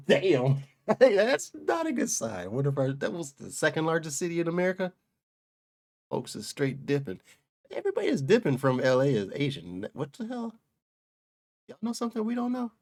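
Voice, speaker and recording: A reaction streamer host giving animated commentary, with joking, slangy asides and frequent laughter. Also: medium pitch, normal speed.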